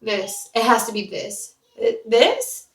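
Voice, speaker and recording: This young woman's voice is fairly high and husky, very animated yet slow-paced. She's a book vlogger chatting casually about her reading, reacting dramatically and repeating herself, both out in a park and at home while cleaning.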